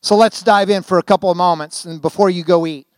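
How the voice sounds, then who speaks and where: A man's voice: high voice, steady tone, darkish tone, no echo. An older man preaching a sermon in a church, telling folksy stories and asking the congregation rhetorical questions. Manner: folksy storytelling with quick asides and rhetorical questions. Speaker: guest preacher. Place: church sanctuary.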